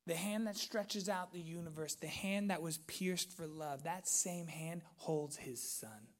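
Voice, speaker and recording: A male pastor preaching a sermon, retelling a movie with lively swings from loud, excited peaks to hushed, near-whispered moments. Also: a little high, unhurried, few pauses.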